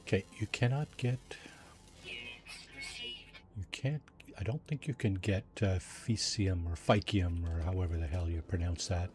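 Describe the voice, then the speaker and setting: A man's voice: deep voice, steady tone, a little slow, pauses often. A man chatting casually while livestreaming a game, reading chat aloud and joking with his viewers. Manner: chatty, reads chat aloud, jokey asides. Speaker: streamer.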